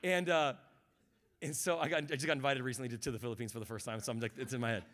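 A male guest pastor preaches rapid-fire in a medium-pitched voice with fairly even intonation, building from quiet reflection to shouted fervor and calling on the congregation to respond.

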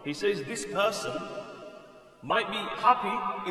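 A man's voice: a little high, expressive, moderate pace, a bit bright. A man preaching an Islamic lecture, explaining in English and quoting classical Arabic text at speed, with an emphatic, repetitive cadence. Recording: echoey hall, voice from far off, faint music.

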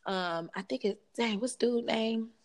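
A woman life coach talking in a casual podcast interview, lively and expressive, with slangy asides and frequent laughter. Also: fairly high pitch, unhurried.

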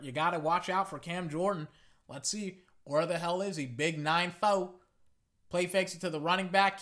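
A young man narrates a football game in a loose, chatty play-by-play. His voice sits high and sounds bright and forward. He wanders into side comments and restarts his sentences often. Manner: rambling, chatty, with frequent restarts and asides.

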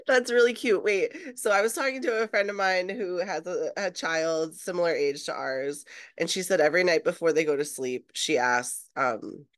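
A woman in her thirties co-hosting a podcast, telling stories in a lively way and laughing easily. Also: lowish voice, moderate pace. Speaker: podcast co-host. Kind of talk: casual chat.

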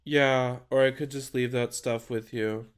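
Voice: medium pitch, steady tone, measured pace, clear, resonant tone, close to an everyday voice. A podcast host voicing a sullen, defensive teenage girl student in a put-on British accent, dry and evasive. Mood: guarded.

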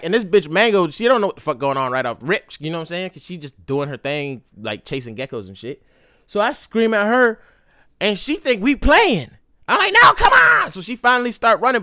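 A young man hosting a casual solo podcast, telling stories in a profane, slangy, animated way. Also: sits high, dry recording, studio quality. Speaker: podcast host.

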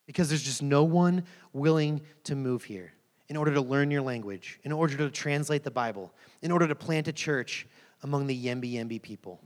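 A man voicing a calm tribal believer who speaks bluntly and plainly, in a sermon story. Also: medium pitch, moderate pace, natural voice. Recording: long reverb of a large hall.

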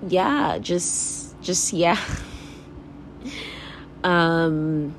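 Speaking very slowly in a fairly low voice, a young woman hosts her casual solo podcast. She rambles candidly, full of fillers, profanity, and laughing. Slight background noise can be heard.

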